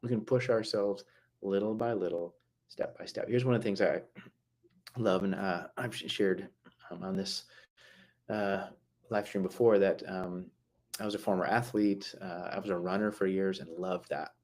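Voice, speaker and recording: Man, lowish voice, live stream host, conversational, lots of fillers and restarts, slows to stress words. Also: fairly even intonation, a little mellow. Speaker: mental health talk host.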